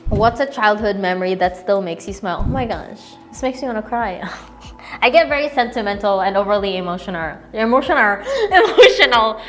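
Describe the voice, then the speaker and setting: A young woman from the Philippines answering viewer questions in a casual, rambling chat, laughing often and getting sentimental. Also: medium pitch.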